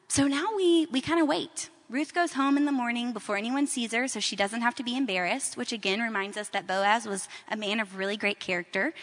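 A woman's voice: on the high side, fairly bright tone, big-room sound. A woman teaching a Bible story in a casual, conversational storytelling way, with everyday fillers.

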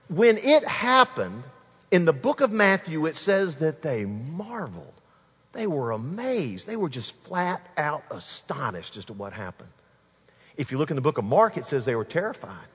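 Animated high-voiced male preacher. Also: fairly quick, slightly rough, big-room sound. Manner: animated preaching, addresses the congregation directly. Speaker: pastor. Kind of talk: sermon.

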